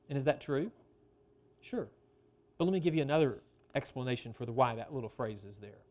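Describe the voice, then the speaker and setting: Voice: mid-range voice, brisk, a little mellow. A pastor preaching a sermon in a conversational way, often asking the congregation questions and stretching out key phrases for emphasis.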